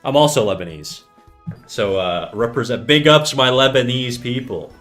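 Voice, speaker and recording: A man's voice: medium pitch, moderate pace, fairly bright tone, soft background music. A man on a casual livestream, rambling, restarting sentences and cursing casually as he chats. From Canada. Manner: rambling, self-correcting, joking, swears casually. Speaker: streamer teaching drawing.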